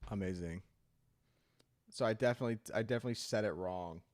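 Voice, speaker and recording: A man's voice: fairly low pitch, fast. A young man chatting casually on a live stream as he edits his video, laughing often, swearing and teasing himself when he slips up. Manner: laughs often, swears, flustered and self-mocking.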